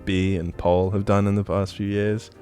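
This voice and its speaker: A man's voice: lowish voice, level tone, normal speed, dark tone, soft background music. Teasing male podcast co-host. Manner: teasing, laughs often. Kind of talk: casual chat.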